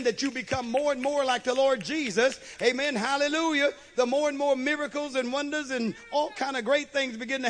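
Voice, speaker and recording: A man's voice: very high-pitched, fairly bright tone. A man, a bishop, preaching a sermon with emphatic delivery and frequent amens.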